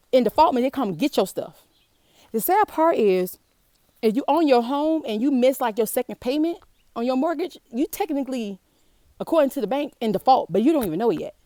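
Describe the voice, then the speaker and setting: Animated Chicago woman, fairly high voice. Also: no echo. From South Side of Chicago. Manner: animated, slangy, exclaiming in disbelief. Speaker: personal finance vlogger. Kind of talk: casual reading and commentary. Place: outdoors in the heat.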